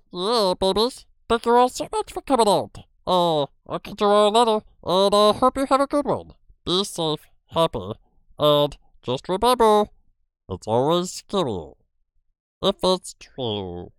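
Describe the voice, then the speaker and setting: A man putting on his highest falsetto voice to sign off a live stream in a drawn-out, sing-song way. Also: sing-song, clear, resonant tone, no echo. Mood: goofy. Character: man's squeaky highest falsetto voice.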